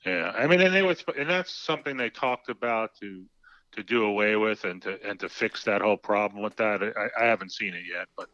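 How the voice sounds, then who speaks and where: Bright-voiced man, slightly muffled audio. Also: lowish voice, fairly quick, dry recording. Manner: lively, teasing, stumbles and repeats words. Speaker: treatment center executive, guest. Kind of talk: casual radio talk show conversation.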